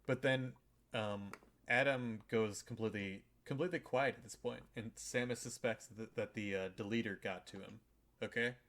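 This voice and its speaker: A man's voice: on the low side, steady tone, moderate pace, fairly bright tone. A man hosting a podcast, casually recapping a game's story in a rambling, irreverent way, with lots of swearing and filler words. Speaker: podcast host. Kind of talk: casual chat recapping a video game.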